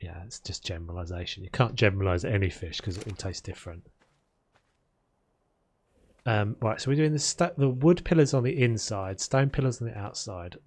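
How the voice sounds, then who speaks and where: A man's voice: on the low side, moderate pace, darkish tone. A man streaming a video game, chatting casually and rambling between topics as he builds. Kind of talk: casual chat while playing.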